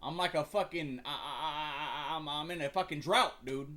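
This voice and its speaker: A man's voice: fairly high pitch, moderate pace, pushed and bright. A young man hosting a livestream, chatting casually in a slangy, profane, rambling way with frequent stumbles. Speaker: livestream host.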